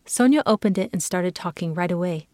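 A woman giving a calm, clear reading as the narrator of a children's story. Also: on the low side, a little fast, no room sound, clean studio sound.

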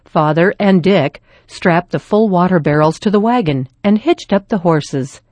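A woman reading a children's story aloud in a gentle, even storytelling manner. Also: on the low side, a little slow, no room sound. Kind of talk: scripted story narration.

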